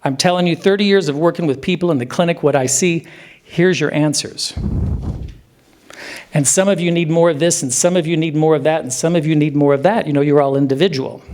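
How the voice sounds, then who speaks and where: 50s guy, clinician doing a talk in a hotel room, kinda high voice, animated, drags words out to make a point. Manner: animated, emphatic, slows down for effect. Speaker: clinician giving a presentation. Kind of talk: conference presentation.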